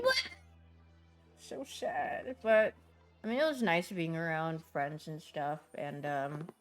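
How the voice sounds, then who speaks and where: A young woman chats casually with her viewers as a streamer. She tells her stories in an animated way and slips into little voices for the people in them. Faint music plays underneath her voice. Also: on the low side. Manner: chatty, animated storytelling with voiced asides.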